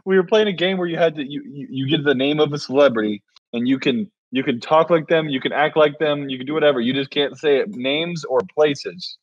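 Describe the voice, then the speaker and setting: A man's voice: fairly high pitch, brisk, no room sound, lo-fi sound. A man co-hosting a podcast in casual chat, telling stories and laughing often. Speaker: podcast co-host.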